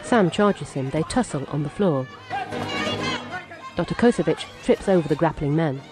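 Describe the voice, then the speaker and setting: A woman's voice: deep voice, lively intonation, moderate pace. Matter-of-fact woman describing film scenes. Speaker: audio description narrator. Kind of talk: scripted audio description. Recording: narration over film music and crowd.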